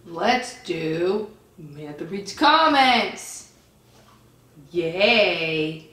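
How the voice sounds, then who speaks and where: A woman vlogger reading viewer comments aloud and answering them with a profane, insulting rant, often yelling. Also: on the low side, expressive, drawn-out words. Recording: roomy echo, distant from the mic.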